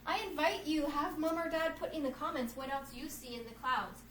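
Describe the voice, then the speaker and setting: A woman's voice: high voice, brisk, fairly bright tone, a little hiss or hum. A woman children's yoga instructor reading a storybook aloud and guiding children through poses at home, upbeat and encouraging, calling them "friends". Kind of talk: reading a storybook while leading kids' yoga. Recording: roomy sound from a distant mic with faint ambience.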